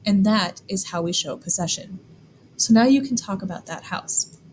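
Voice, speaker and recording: A woman explaining German grammar in a clear, deliberate lesson, slowing down to spell out examples. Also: medium pitch, a little mellow, a little hiss or hum, low-quality recording. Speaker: German teacher. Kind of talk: scripted classroom explanation.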